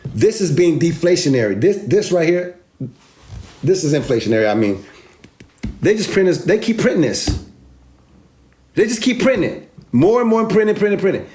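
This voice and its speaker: A man's voice: sits high, sing-song, normal speed, long pauses, darkish tone, slight background noise. A man giving an emphatic, sarcastic, street-casual money rant with lots of repetition, recorded in an echoey room. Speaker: finance video host. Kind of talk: animated explainer rant.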